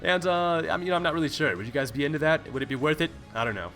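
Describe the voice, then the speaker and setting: A young man hosting a casual Q&A vlog, answering questions with deadpan, absurd jokes. His voice is bright and sits a little high for a man. Faint music plays behind him. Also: racing. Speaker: vlogger answering viewer questions.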